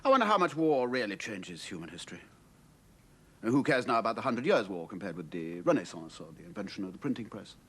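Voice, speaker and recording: An actor playing a cynical middle-aged writer and war veteran, who talks in a measured, philosophical way. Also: male voice, fairly low pitch, sing-song, husky. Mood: reflective. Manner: measured, world-weary, philosophical. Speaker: host sheltering a stranger.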